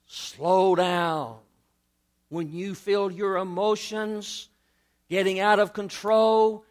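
High-voiced preacher, animated. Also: male voice, takes it slowly. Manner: animated preaching, repeats phrases for emphasis. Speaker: pastor. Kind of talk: sermon.

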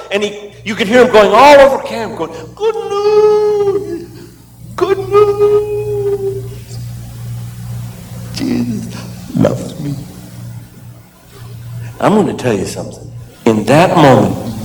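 A man with a fairly high voice tells a dramatic story to a live audience, dropping to a hush and then pressing hard on key lines. He was recorded in a big hall, and the long echo rolls off every phrase. The sound comes from a video clip being played back. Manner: dramatic storyteller, swings between hushed and emphatic. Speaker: comedian and Christian speaker.

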